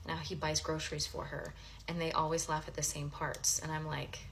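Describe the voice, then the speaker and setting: A woman giving a comic, gossipy monologue, swinging between low murmurs and loud outbursts. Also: little pitch movement, normal speed, vocal fry, a little hiss or hum.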